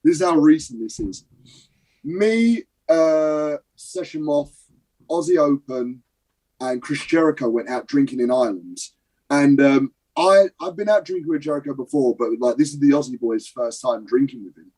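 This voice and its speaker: A young adult man from Britain tells stories as an interview guest, animated and quick to act out scenes. He swears freely and keeps the energy up. His voice sits a little high for a man. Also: low-quality recording. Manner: lively, swears casually, acts out scenes. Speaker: guest, professional wrestler. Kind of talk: animated anecdote telling.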